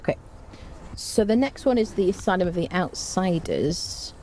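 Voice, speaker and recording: A woman streaming a survival game, chatting casually to viewers and humming little tunes as she plays, excitable and quick to jump up in pitch. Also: a little hiss or hum. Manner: chatty, hums and sings little tunes while playing; excitable, jumps high in pitch. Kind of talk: casual gameplay commentary.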